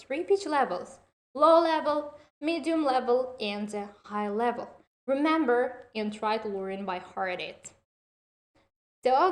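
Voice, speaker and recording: A woman teacher giving a recorded lesson to her students. She talks in a deliberate, instructive way with slightly non-standard English phrasing, poses questions and answers them herself, and praises her class often. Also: a little high.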